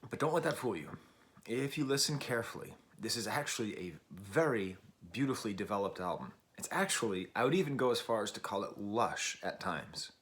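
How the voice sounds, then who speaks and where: A man's voice: on the low side, animated, a little fast, a bit bright. Rambling American man reviewing a record. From United States. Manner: musing, digressive, searching for words aloud. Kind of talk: casual album review.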